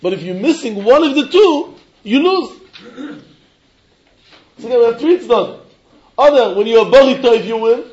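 A man teaching a Talmud lesson, talking fast and emphatically and mixing with Hebrew. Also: very high voice, animated, a little mellow, muffled recording. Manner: rapid, emphatic, switching between English and Hebrew. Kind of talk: Talmud lecture.

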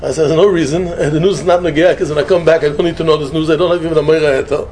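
A man giving a sermon, telling a story and mixing in Hebrew and Yiddish phrases, jumping between loud emphatic lines and soft murmured asides. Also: a little high, fairly even intonation, rapid-fire, slight background noise. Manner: peppers English with Hebrew and Yiddish words, short repeated phrases. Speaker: rabbi giving a talk.

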